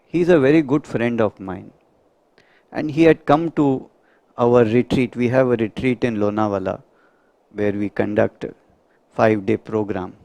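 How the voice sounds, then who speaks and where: A middle-aged man, a homeopath giving a spiritual lecture to a live group, earnest and measured, often putting rhetorical questions to his listeners. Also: medium pitch, gravelly, dark tone, no room sound.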